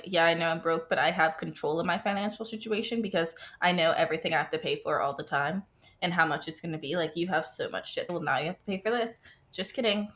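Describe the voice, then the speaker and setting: A woman's voice: fairly low pitch, a bit bright. A woman in her twenties co-hosting a podcast, chatting candidly and rambling, with casual swearing. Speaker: podcast co-host. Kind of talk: casual chat. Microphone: remote call.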